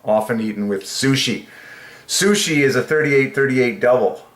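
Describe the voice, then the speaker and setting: A man hosting his own channel, musing aloud in casual solo commentary, enthusiastic and repeating words to himself, sometimes in a sing-song higher voice. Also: normal speed, fairly bright tone. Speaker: channel host. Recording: echoey room.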